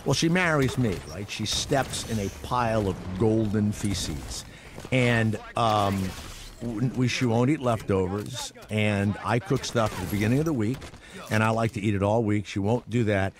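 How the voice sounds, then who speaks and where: A man's voice: fairly low pitch, moderate pace, background noise. An older man hosting a radio talk show. He teases his guest with crude jokes and laughs often. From New Orleans, USA. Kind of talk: casual radio banter.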